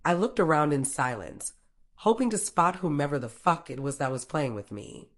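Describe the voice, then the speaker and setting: A woman narrating a first-person story in a plain, steady way, with casual profanity. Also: low voice, normal speed.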